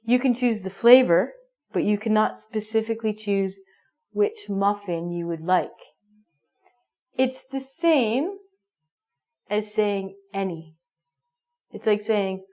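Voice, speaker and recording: A woman's voice: mid-range voice, takes it slowly, a little mellow. A woman teaching an English grammar lesson, playful and emphatic, acting out little everyday scenes.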